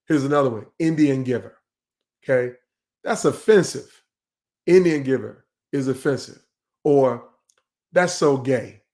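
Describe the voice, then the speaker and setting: A man's voice: medium pitch, a little slow, pauses often, dark tone. A middle-aged man hosting a live online leadership session, speaking in a conversational, emphatic way and often repeating words as he goes.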